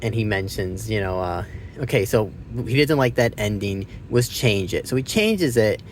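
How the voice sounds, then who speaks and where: A man giving a casual spoken movie review who rambles, swears freely and loses his train of thought. He gets loud and excited when he retells scenes. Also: lowish voice, normal speed, slight background noise.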